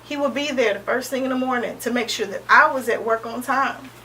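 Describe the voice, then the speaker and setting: Bright-voiced woman, halting and earnest. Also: on the high side. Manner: halting and earnest, with frequent ums and restarts. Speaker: interview guest sharing her testimony. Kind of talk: personal testimony in conversation. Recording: distant mic with faint background noise.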